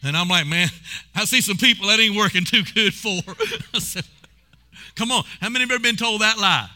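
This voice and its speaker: High bright preacher guy, punchy and intense, calls on the church to answer back. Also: a little fast. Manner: preaching with call-and-response, rising to shouts. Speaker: pastor. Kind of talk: sermon.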